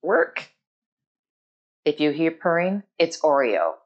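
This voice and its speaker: A woman's voice: low voice, sing-song, slow pace, highs cut off. A woman host closing out her show, thanking her guests and reading a few quotations. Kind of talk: show outro monologue.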